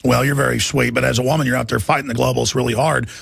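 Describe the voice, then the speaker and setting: A man's voice: mid-range voice, flat delivery, rapid-fire, creaky, fairly bright tone, husky, dry recording, clean studio sound. A man hosting a talk show, ranting emphatically and repeating words as he builds his point. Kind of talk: heated talk radio chat.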